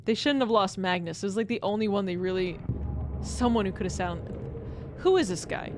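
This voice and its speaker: A woman's voice: medium pitch, expressive, a little fast, background noise. A woman streamer chatting casually and reacting with laughter, her nose a bit stuffy. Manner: chatty, laughing, easily amused.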